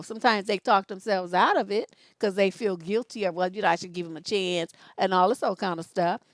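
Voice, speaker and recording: Woman, relationship coach, sassy and profane, high voice, dry close sound. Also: dry recording. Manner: profane, sassy storytelling with mocking impressions. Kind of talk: blunt sermon-style monologue.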